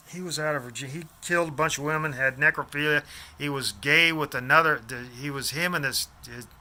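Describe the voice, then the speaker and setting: A man in his fifties tells a meandering personal story, trailing off and circling back mid-sentence. His voice is fairly high and has a piercing, edgy brightness. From Des Moines, Iowa. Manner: rambling, loses names, restarts sentences. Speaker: vlogger.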